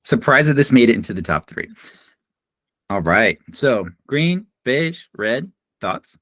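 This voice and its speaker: A man hosting a casual panel chat over a video call, briskly moving the group through the list. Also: medium pitch, big pitch swings, fairly bright tone, dry recording. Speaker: podcast host.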